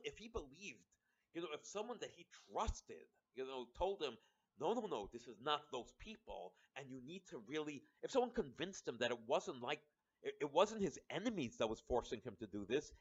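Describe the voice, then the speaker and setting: A man giving a meandering political monologue, restarting sentences and acting out quoted voices. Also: a little high. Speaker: commentator. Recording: dull lo-fi recording.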